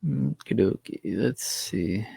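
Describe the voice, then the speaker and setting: Man, gravelly low voice, husky, casual rambling storytelling, dry sound. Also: expressive, slow, mellow, no room sound. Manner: rambling, repeats himself, laughs easily. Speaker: channel host.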